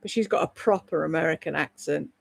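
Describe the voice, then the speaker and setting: A woman's voice: low-pitched, brisk, gravelly, slightly rough, no room sound. A British woman chatting casually on a live stream, rambling between topics and reading out viewer comments. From Britain. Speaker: live streamer and voice-over artist.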